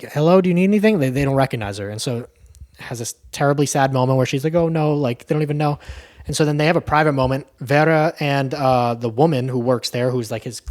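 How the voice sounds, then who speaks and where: A young man giving a casual, profane movie recap, with frequent asides of "right?" and "like". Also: medium pitch. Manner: chatty, profane, tags lines with "right?". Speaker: movie reviewer.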